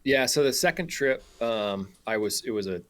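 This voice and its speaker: A man's voice: mid-range voice, expressive, normal speed, fairly bright tone. A man guest on a radio show, telling a story casually with many fillers and frequent laughs.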